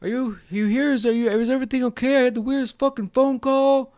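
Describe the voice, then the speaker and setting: A man putting on the voice of a frantic, panicky grown man, shrill and whining, with cursing. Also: fairly even intonation, fast, darkish tone.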